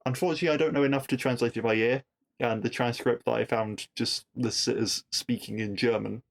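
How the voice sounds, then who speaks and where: A man's voice: medium pitch, fairly even intonation, brisk, gravelly. A man hosting a podcast, casually recapping a TV episode with wry asides and rhetorical questions.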